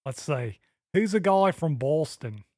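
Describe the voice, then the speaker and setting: A man's voice: on the high side, expressive, a little slow, darkish tone, no echo, clean studio sound. A man co-hosting a podcast in a casual, joking chat, teasing his partner and trying out accents. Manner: playful, teasing, tries out accents. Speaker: podcast co-host.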